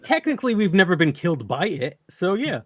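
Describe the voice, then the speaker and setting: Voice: mid-range voice, very animated, brisk, background noise. A player and co-host in casual table banter, upbeat and laughing often.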